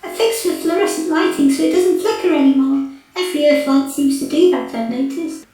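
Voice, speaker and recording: A man voicing a giggly, clumsy female robot sweetheart in a falsetto for an audiobook. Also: huge pitch swings, a little fast, full character voice. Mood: chirpy. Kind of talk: audiobook character voice. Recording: echoey room, voice from afar, music behind.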